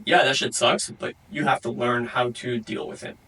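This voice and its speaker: Brash swearing man, bright husky voice. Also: medium pitch, fairly even intonation, normal speed, far from the mic, low-quality recording. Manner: blunt, heavy swearing, calls listener bro. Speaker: podcast host. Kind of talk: solo motivational monologue.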